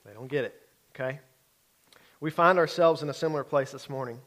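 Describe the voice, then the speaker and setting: With a mid-range, somewhat bright voice and a brisk pace, this middle-aged pastor delivers his sermon like a conversation, frequently pausing to engage the congregation.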